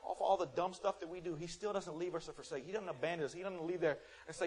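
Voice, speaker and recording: His voice a little high, this man delivers a sermon that alternates between loud scolding and hushed, earnest witness, with small dialogues acted out in quick voices.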